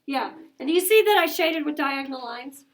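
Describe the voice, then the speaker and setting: Brief: middle-aged female teacher, high voice, brisk classroom delivery, quizzes the kids. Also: animated. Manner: brisk, coaxing questions to the class. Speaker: elementary school teacher. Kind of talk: classroom math lesson.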